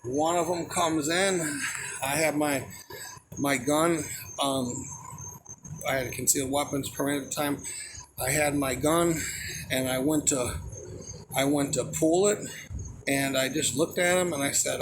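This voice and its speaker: A young man casually telling a personal story in a rambling, profane, animated way, with a noisy background. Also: mid-range voice, normal speed, long pauses. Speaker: storyteller recounting a personal experience.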